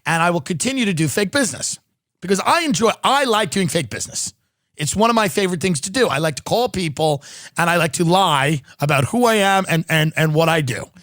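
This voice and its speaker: A man's voice: high-pitched, animated, brisk, fairly bright tone, no echo, clean studio sound. A middle-aged man hosting a podcast, telling a comic story in a sardonic, riffing way and mimicking the people in it. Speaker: podcast host. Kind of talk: comedic storytelling monologue. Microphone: studio podcast mic.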